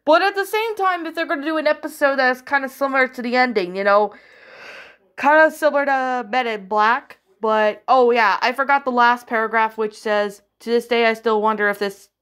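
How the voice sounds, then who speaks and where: A woman's voice: high voice, normal speed, fairly bright tone, clear, resonant tone. A woman casually reviewing a story she narrated, rambling with many fillers and restarts, hesitant and apologetic. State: hiccuping.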